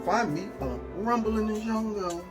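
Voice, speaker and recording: A man hosting his own show, reacting to clips in a lively, mocking, slangy way. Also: sits high, normal speed, music in the background. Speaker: show host. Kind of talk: reaction commentary on video clips.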